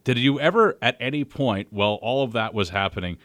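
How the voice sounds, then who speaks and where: A man's voice: mid-range voice, expressive, fairly quick, a bit bright, no echo. A man with an Ontario accent hosting an interview, asking long friendly questions. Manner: friendly, wordy questions with repeats. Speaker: radio host.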